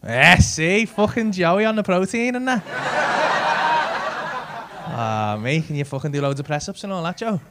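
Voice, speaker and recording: A male stand-up from Liverpool, high-voiced and expressive, ribs the crowd at a comedy club in a brash, foul-mouthed way, talking at a moderate pace and pausing often. It's live club audio with audience laughter in the background.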